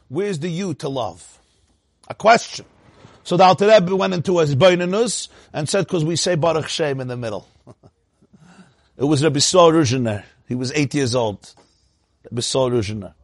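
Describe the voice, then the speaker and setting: Husky guy teaching torah, voice jumps way up and down, dry close sound, slightly high. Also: normal speed, long pauses, no echo. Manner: animated, laughs often, swoops up into a high voice. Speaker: rabbi teaching a class.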